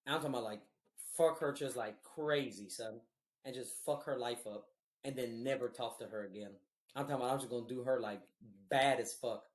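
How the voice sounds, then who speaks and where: Young male co-host, lively swearing storyteller who laughs a lot; roomy echo on the voice. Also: medium pitch, a little fast. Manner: animated, profane, laughs often, slangy. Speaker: podcast co-host. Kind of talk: casual storytelling chat.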